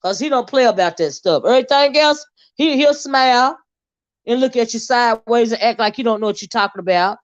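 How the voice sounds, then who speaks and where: A woman's voice: on the high side, fairly quick, no echo, muffled recording. A woman hosting a casual live-stream commentary, sassy, blunt and profane as she talks to her viewers. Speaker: host.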